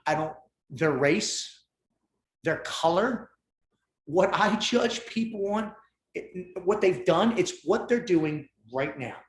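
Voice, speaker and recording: Intense male storyteller with a higher voice, recorded in an echoey room. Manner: intense, animated, swears freely. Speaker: podcast guest. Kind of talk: storytelling in casual conversation. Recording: roomy echo.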